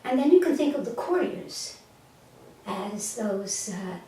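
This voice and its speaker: A woman telling a parable slowly and gently and then reflecting on its spiritual meaning, with a few small stumbles, recorded from a distance in an echoey room. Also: mid-range voice, expressive. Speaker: storyteller and teacher. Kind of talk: slow storytelling and spiritual teaching. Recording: echoey room, mic far off.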